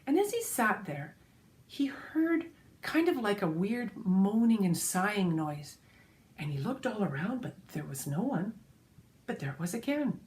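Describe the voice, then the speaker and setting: A woman storyteller telling a folk tale to children, expressive and speaking straight to her listeners. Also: medium pitch, measured pace, a little hiss or hum. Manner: expressive, addresses listeners directly.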